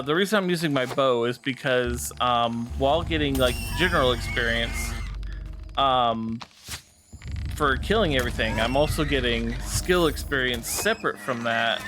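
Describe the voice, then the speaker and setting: A man's voice: mid-range voice, normal speed, noisy background. A man streaming a video game, talking casually and explaining its mechanics with frequent fillers. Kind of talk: casual gameplay commentary.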